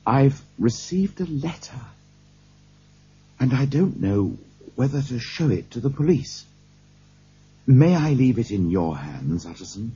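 A man voicing a pale, ill, feverish doctor in a slow audiobook reading with a thin, tired voice. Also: mid-range voice, sing-song, warm tone, breathy edge, exaggerated voice. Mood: earnest. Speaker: character in an audiobook. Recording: dull lo-fi cassette tape.

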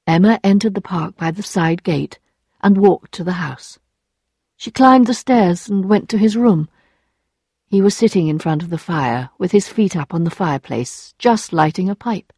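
A woman narrating an audiobook in a steady, measured storytelling voice. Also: fairly low pitch, husky, no room sound, studio quality.

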